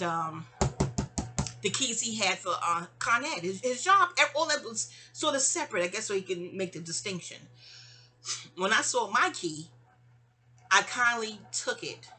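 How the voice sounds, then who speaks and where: A woman, telling a personal story in an animated, digressive, sassy way. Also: mid-range voice, husky. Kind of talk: casual storytime monologue.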